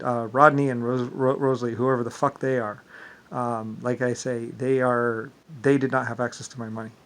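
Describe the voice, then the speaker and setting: A man speaks in a loose, meandering monologue, restarting and repeating words as he goes. His pitch sits in an ordinary middle range. He sounds indignant and often swears. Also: a bit bright. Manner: repetitive, stumbling, filler-heavy; profane and indignant. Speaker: vlogger. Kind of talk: rambling monologue.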